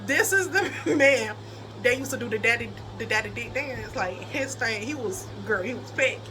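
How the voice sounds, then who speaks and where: Animated high-voiced woman telling a story. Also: normal speed, over music. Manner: animated, laughs often, breaks into high laughing squeals. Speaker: vlogger telling a personal story. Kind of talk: casual storytelling chat.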